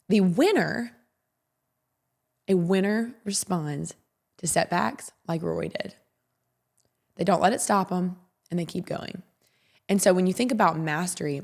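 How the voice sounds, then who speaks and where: A woman's voice: on the low side, creaky. A woman hosting a podcast in a casual, rambling monologue, openly emotional and often repeating herself. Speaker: podcast host.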